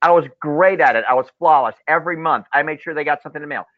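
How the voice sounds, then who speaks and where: A fairly high-voiced man coaches loan officers in a webinar, telling lively stories and repeating his key points for emphasis. The sound is dry and squeezed, like a phone line. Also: rapid-fire, dry recording. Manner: animated storyteller, repeats key phrases. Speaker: mortgage loan officer presenter. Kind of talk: webinar sales coaching talk.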